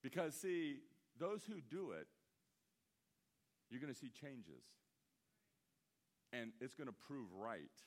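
A man in his fifties preaching a sermon as pastor, telling a story in an animated way that swings from loud, emphatic bursts to hushed asides. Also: medium pitch. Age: 50s.

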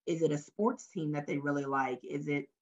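In a lo-fi recording, a woman with a deep voice talks at normal speed. She's a talent development facilitator from Louisiana with a Southern US accent, appearing as a guest in a relaxed interview. Her storytelling is lively, and she acts out her workshop lines as she goes.

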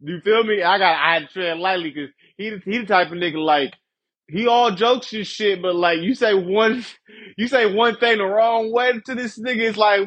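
The recording has its highs cut off, capturing a young man's high, fairly bright voice at a moderate pace. Hosting a podcast, he rambles through a crude story, laughing frequently and repeatedly asking listeners "you feel me."

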